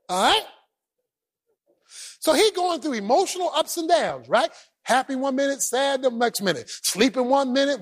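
A man preaching an animated, colloquial sermon who acts out the scripture and often breaks into shouts. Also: extremely high pitch.

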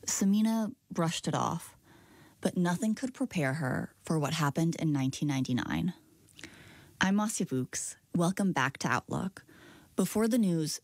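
Female radio host, deep-pitched, calm measured storytelling, close dry mic. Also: dry recording. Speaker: radio programme presenter. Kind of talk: scripted radio presenting. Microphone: studio microphone.

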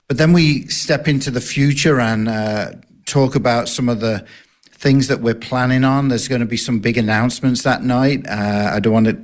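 A man's voice: mid-range voice, steady tone, normal speed. A man with a foreign accent, a ministry leader giving an easygoing radio interview with many fillers. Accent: non-American, from further south than Texas. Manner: easygoing, joking, with hesitant fillers.

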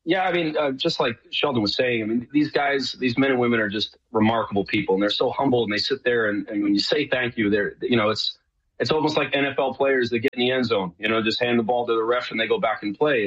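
Husky lo-fi man from New York. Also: mid-range voice, quick pace, fairly bright tone. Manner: earnest, rambling with many restarts. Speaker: guest. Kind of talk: casual remote interview.

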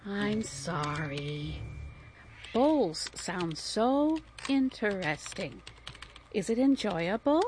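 A woman's voice: a little high, big pitch swings, takes it slowly, slight background noise. An actress playing a chatty elderly widow in a radio drama, fussy and muddling her tech words. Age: older.

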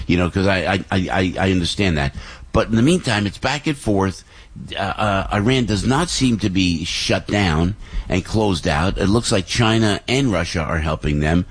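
A man hosting a morning radio talk show, rambling and excitable as he reads a live ad and introduces a guest. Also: on the low side, husky. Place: radio studio.

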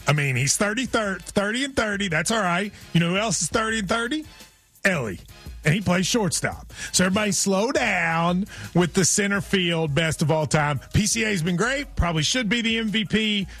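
Wry, husky sports radio host man. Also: sits high, animated, a bit bright, soft background music. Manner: wry, teasing, quick to laugh. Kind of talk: casual sports talk.

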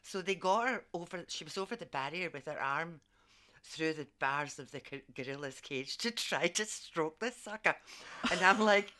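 Bright, animated Australian woman storyteller. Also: fairly low pitch. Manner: animated, laughs often, quick asides. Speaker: psychic and former community worker, guest. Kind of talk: storytelling in casual conversation.

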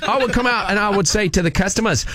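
A man's voice: fast, crowd noise, close to an everyday voice. A man doing a pushy fake-Australian job seeker. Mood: pushy cheerful. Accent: put-on Australian. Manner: upbeat, insistent, keeps pushing his pitch. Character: pushy cheerful man applicant faking Australian. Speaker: radio host pranking by phone.

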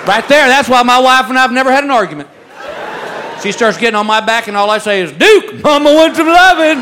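A married man doing a stand-up comedy set, telling stories with deadpan, drawn-out punchlines. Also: very high voice. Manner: deadpan storytelling with drawled punchlines. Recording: live club mic with audience noise. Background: laughing crowd.

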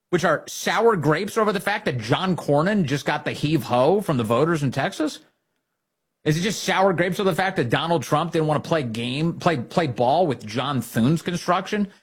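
A man's voice: on the high side, sing-song, moderate pace, husky. A man hosting an opinionated political commentary, sarcastic and indignant, firing rhetorical questions.

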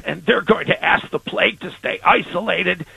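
Super raspy crackly high-voiced health official, rambling and earnest, dry mic. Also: male voice, normal speed, sharp tone, dry recording, full character voice. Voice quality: very raspy, gravelly and strained. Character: strained, raspy male health secretary, rambling and odd.

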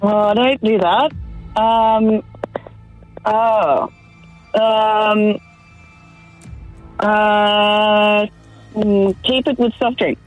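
Brief: hesitant female radio caller, drawn-out slow speech. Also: mid-range voice, steady tone, soft background music, low-quality recording. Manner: hesitant, unsure. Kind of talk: radio call-in chat.

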